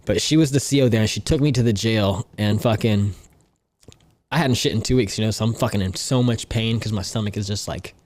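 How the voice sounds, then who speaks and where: A man's voice: on the low side, a little fast. A young man, a comedian telling profane jail stories in casual chat, laughing as he goes. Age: young adult. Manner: animated, laughs through his stories, swears constantly. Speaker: guest comedian.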